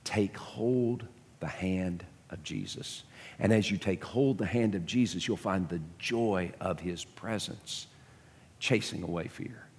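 A man's voice: low voice, slow, darkish tone, slightly rough, big-room sound. A man preaching a sermon to his congregation, emphatic, often repeating words as he builds a point. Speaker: pastor. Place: church sanctuary.

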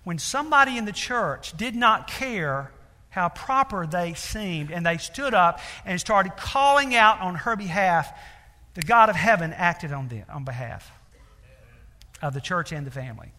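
A man's voice: sits high, expressive, measured pace, pushed and bright. A man preaching a sermon, telling a story earnestly with many fillers and building to emphatic appeals. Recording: long reverb of a large hall.

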